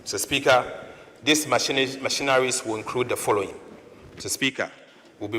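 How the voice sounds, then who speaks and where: A man's voice: medium pitch, steady tone, normal speed, in a large hall, noisy background. A man with a Ghanaian accent delivering a formal parliamentary budget speech, declaiming and repeatedly addressing the Speaker. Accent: Ghanaian English. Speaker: finance minister presenting budget. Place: parliament chamber.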